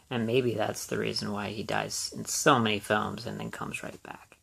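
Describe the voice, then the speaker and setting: Gravelly-voiced man rambling about movies. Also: lowish voice, little pitch movement, normal speed, hardly any pauses, a bit bright. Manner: rambling, hesitant, many fillers and restarts. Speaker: podcast host. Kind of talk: casual solo movie review.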